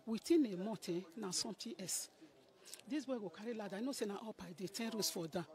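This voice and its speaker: A woman's voice: medium pitch, fairly quick, darkish tone. A middle-aged woman with a Nigerian Pidgin English accent, giving an emotional spoken testimony and acting out what others said to her.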